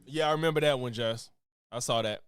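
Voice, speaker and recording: A man's voice: medium pitch, fairly quick, background noise. A man giving exasperated, slangy commentary while reacting to news on a stream. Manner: animated, exasperated ranting with slang.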